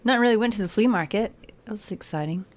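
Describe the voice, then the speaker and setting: A woman co-hosting a podcast, answering in a dry, deadpan way. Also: medium pitch, quick pace. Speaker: podcast co-host. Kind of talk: casual banter.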